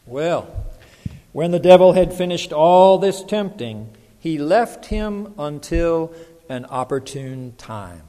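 High-voiced preacher in a reverberant church. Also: male voice, animated, slow, mellow. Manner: conversational, asks the congregation questions. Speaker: pastor. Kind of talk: sermon.

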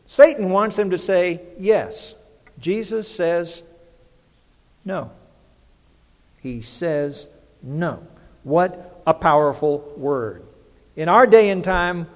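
Male pastor, sermon, high voice, chatty, asks the congregation questions, long church reverb.

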